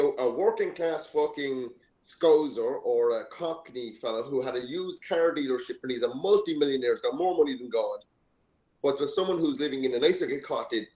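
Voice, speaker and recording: This podcast host is an Irishman from Ireland whose medium-pitched voice has a darkish tone. Speaking with an Irish accent, he rambles anecdotally and swears freely in casual chat, captured with an echoey, dull lo-fi room sound.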